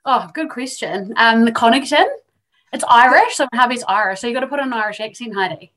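A woman's voice: on the high side, brisk, fairly bright tone. A woman guest, a self-love coach, talking in a chatty casual way full of "like" and "um". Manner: chatty, full of fillers like "like" and "um", laughs easily. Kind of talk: casual chat.

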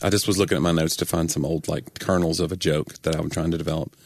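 A man's voice: extremely low pitch, steady tone, quick pace, creaky. A comedian co-hosting a casual chat, telling stories in a dry way and acting out his joke lines. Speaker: comedian, podcast co-host.

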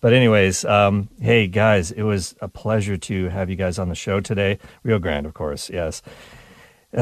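Upbeat low-voiced radio host, dry sound. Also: male voice, a little mellow, no echo. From Canada. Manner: upbeat, joking banter. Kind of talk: live radio call-in show.

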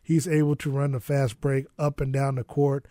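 Male sports radio co-host, mellow tone, dry studio sound, laid-back and rambling. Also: mid-range voice, little pitch movement, normal speed, dry recording. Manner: laid-back, rambling, many "you know"s. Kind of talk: sports talk radio chat.

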